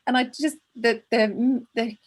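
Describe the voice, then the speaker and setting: A woman co-hosts a chatty podcast, laughing often as she talks and reads a listener's letter aloud. Her voice sits fairly high and has a husky, slightly breathy edge. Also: fairly even intonation, slow. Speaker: podcast co-host. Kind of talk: casual chat, reading a listener letter aloud.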